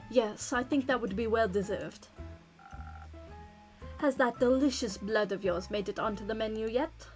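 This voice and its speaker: A woman's voice: a little high, normal speed, faint music behind, natural voice. A woman voicing a polite, haughty male vampire with a put-on French accent and grand, formal diction.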